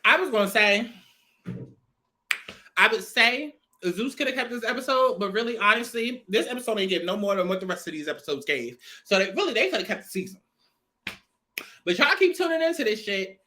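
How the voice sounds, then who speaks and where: A woman's voice: medium pitch, expressive, fairly quick, sharp tone, a little hiss or hum. A young woman, giving a blunt, sassy, profane review of a reality show. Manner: blunt, sassy, swears a lot. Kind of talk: casual profane commentary.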